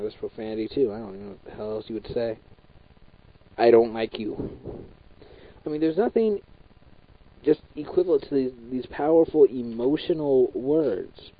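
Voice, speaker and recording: A young man delivering a heated, profane, repetitive rant. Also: mid-range voice. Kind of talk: ranting monologue. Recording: dull lo-fi recording.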